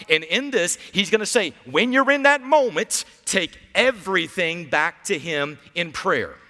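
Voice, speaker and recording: A male pastor preaching a sermon with dramatic pauses, swinging between loud emphatic lines and quiet low asides, asking the congregation to repeat after him. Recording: long hall reverb.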